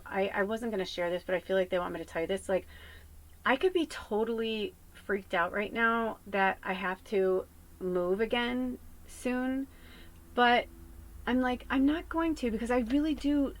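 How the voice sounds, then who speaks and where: A woman's voice: medium pitch, slight background noise, rough recording. A young adult woman giving a channeled tarot reading, talking in an earnest, emotional, rambling way with many fillers. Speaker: psychic tarot reader.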